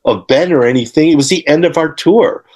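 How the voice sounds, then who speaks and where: An older man as an interview guest, telling studio stories in a rambling, halting way, with many fillers and restarts. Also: fairly high pitch, a little mellow. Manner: acts out quotes and laughs while telling stories. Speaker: interview guest, guitarist and author. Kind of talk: casual interview storytelling.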